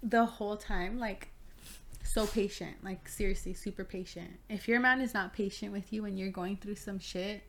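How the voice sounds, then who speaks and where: A woman's voice: mid-range voice, fairly even intonation, moderate pace, a bit bright, a little hiss or hum. A young adult woman co-hosting a podcast in casual chat, talking freely with lots of fillers and frequent laughter. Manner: chatty, laughs often, many fillers. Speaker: podcast co-host.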